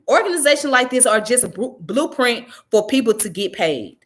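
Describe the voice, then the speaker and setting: A woman's voice: a little high, big pitch swings, normal speed. A woman reading a news article aloud and commenting on it with indignant, profane outbursts.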